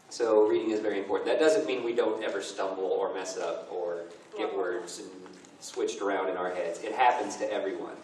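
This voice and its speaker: A man's voice: fairly low pitch, darkish tone. A man in his thirties, a voice actor answering fan questions at a convention panel, self-deprecating and joking. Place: large convention hall. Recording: echoey hall from far off, noisy.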